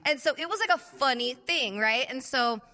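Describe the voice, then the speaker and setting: A woman's voice: sits high, expressive, normal speed, pushed and bright. Bubbly woman telling a story, "like"-heavy. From San Fernando Valley, California. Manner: bubbly, says "like" constantly, acts out voices in stories. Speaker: podcast host. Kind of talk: casual chat, storytelling.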